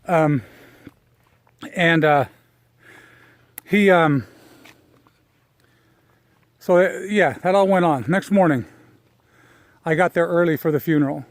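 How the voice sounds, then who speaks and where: A middle-aged man telling a personal story outdoors while walking, reflective and emotional, halting with fillers and restarts. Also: a little high, no room sound. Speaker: personal development speaker.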